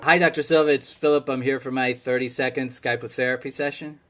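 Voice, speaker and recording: A fairly quick talker with a mid-range, fairly even voice, this man plays a patient in a comedy sketch. He rambles through exasperated stories to a therapist over a video call, eventually climbing into a pleading tone.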